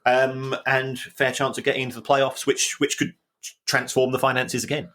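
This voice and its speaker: A man with a South London accent, co-hosting a podcast and explaining football finance in a halting way, often repeating words. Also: medium pitch, completely flat delivery, fairly bright tone. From South East London. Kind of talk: casual explanatory chat.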